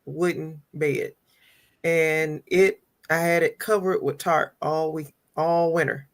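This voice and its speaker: Slow, unhurried woman gardener. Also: deep voice, steady tone, no room sound. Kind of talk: casual chat on a garden stream.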